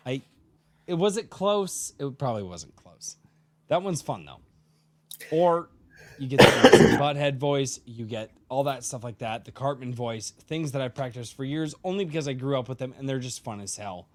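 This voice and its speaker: A man's voice: mid-range voice, lively intonation, normal speed. A man hosting a casual podcast chat, rambling and swearing freely, a bit tipsy from drinking. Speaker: podcast host.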